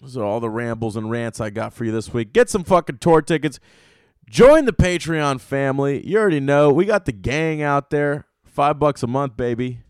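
A man's voice: medium pitch, animated, moderate pace, darkish tone, smooth, dry recording, studio quality. A young adult man hosting a podcast, ranting comically in a profane, rambling way. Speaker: podcast host. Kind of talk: comedic solo rant.

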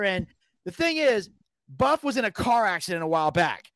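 A man with a high voice tells a long story briskly as a podcast guest, with no echo in the recording. He's casual, animated, and profane, and he acts out what people said.

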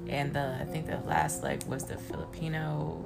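Animated young woman chatting, music behind. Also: normal speed, vocal fry. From Asian descent, Korean heritage. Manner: animated, laughs often, bursts into high excited pitch. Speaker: podcast co-host. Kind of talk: casual chat.

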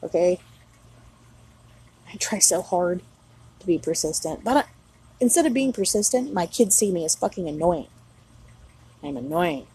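A woman's voice: on the low side, animated, normal speed, pauses often, dark tone, breathy edge, poor audio. A woman in her thirties, a mother, talking outdoors at night in a blunt, heavily profane, rambling solo vlog monologue. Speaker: mother of young children.

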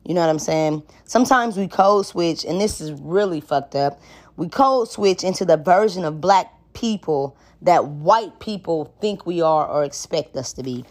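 A woman's voice: fairly low pitch, expressive, moderate pace, a little mellow. A woman hosting a solo podcast, talking casually in a frank, joking and profane way. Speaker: podcast host.

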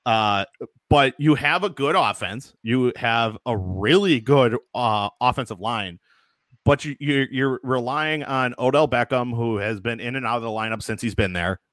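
A man's voice: medium pitch, normal speed, fairly bright tone, no echo. Blunt, profane young man arguing football. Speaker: podcast co-host. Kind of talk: casual sports debate.

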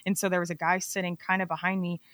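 Woman podcast co-host, casual and animated, close dry sound. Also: fairly low pitch, fast, no room sound. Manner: animated venting, laughs often. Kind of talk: casual chat.

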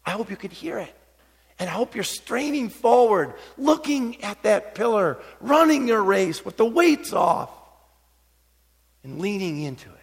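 A high-pitched middle-aged man preaches in a church, his voice ringing through a long hall reverb. He tells stories in a conversational way, then climbs into urgent encouragement. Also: sing-song, unhurried, vocal fry. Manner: storytelling, swings between hushed asides and rising exhortation. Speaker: pastor. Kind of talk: sermon.

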